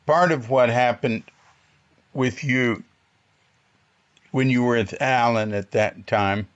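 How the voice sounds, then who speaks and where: A male host asks his guest questions slowly and gently, with pauses and fillers between words. His voice sits at an ordinary pitch, and he keeps an unhurried, careful pace. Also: highs cut off. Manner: gentle, hesitant, many fillers. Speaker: podcast host. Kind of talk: interview questions.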